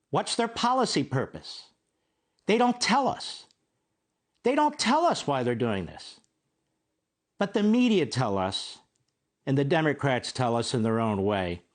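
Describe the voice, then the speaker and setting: A man in his sixties hosting a TV opinion show, delivering an emphatic monologue full of rhetorical questions. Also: fairly high pitch. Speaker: TV host.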